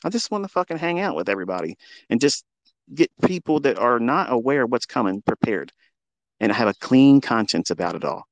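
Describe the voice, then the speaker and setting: A man's voice: mid-range voice, big pitch swings, fairly quick, no echo. A man hosting a live audio room, ranting in a combative, taunting way with heavy swearing. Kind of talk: profane ranting monologue. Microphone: remote audio call.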